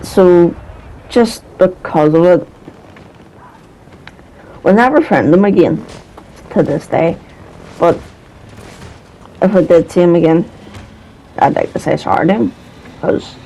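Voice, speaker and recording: Male storyteller, casual and hesitant, slow delivery, soft dark tone. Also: high-pitched, animated, vocal fry, a little hiss or hum, poor audio. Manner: rambling, hesitant, swears casually.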